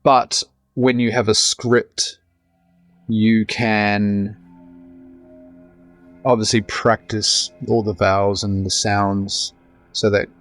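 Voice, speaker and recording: A man's voice: fairly low pitch, flat delivery, slow pace, pauses often, faint music behind. A man in his thirties with an Australian accent, an actor talking in a casual, rambling podcast interview. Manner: chatty, rambling with many restarts. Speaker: actor guest.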